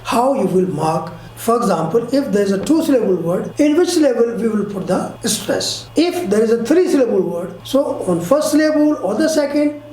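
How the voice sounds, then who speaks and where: A woman teaching pronunciation in a slow, repeating lesson, speaking. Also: on the high side, expressive, warm tone, roomy sound, slight background noise, poor audio. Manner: explains slowly, repeating and quizzing the listener. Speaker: English teacher. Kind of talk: online grammar lesson.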